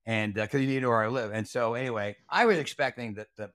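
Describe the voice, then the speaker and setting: A man's voice: mid-range voice, fast, a bit bright, dry recording, studio quality. A man recounting a night from his Army days as an interview guest, blunt, profane and heated. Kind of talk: casual storytelling interview.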